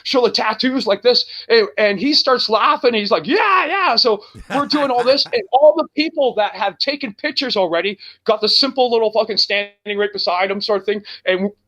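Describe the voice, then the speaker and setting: A man's voice: high-pitched, fairly quick, few pauses, sharp tone. A man who fronts a rock band, telling a road story in casual chat, rambling and swearing with lots of fillers. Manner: rambling and profane, heavy with fillers. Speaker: guest, rock band singer.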